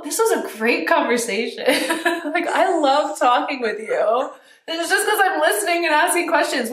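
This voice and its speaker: A young woman talks straight to camera in a loose, chatty advice vlog, animated and quick to laugh, dropping casual swears along the way. Her voice sits a little high. The room gives it a noticeably echoey, roomy ring. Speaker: vlogger. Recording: roomy echo.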